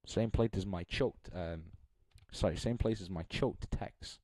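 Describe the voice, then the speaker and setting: A young man with a slightly low voice runs a casual live stream, thinking out loud as he goes. He rambles and makes fun of himself. The sound is dry, with almost no room around him. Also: measured pace, dry recording. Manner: rambling, thinking aloud, self-deprecating.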